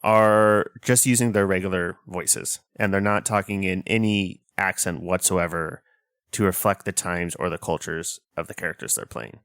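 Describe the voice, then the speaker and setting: A man co-hosting a casual film podcast, making wry deadpan jokes and swearing now and then. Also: deep voice, normal speed, clear, resonant tone, no room sound, clean studio sound. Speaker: podcast co-host.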